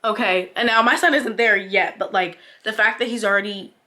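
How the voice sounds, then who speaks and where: A woman's voice: mid-range voice, fairly even intonation, brisk, pushed and bright, slight background noise. A young woman vlogger in a casual sit-down chat, heartfelt and encouraging, full of "like" fillers and close to tears. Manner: chatty, heartfelt, many "like" fillers; encouraging, speaks to other mothers as "mama".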